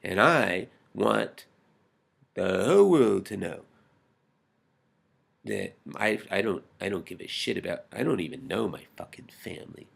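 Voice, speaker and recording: A man's voice: low voice, expressive, measured pace, gravelly, long pauses, husky. A man recording a rambling, intense personal video message, swearing and restarting often and often dropping to a whisper.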